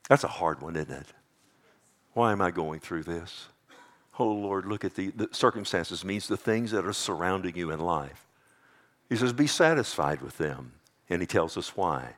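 A man's voice: low voice, fairly bright tone. A middle-aged male pastor preaching a sermon, quoting scripture and pressing his points with rising emphasis.

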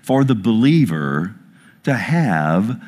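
A man's voice: on the low side, big pitch swings, takes it slowly, a little mellow. A man preaching a sermon to a congregation from a stage, emphatic, quoting scripture and calling out for amens. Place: church before a congregation.

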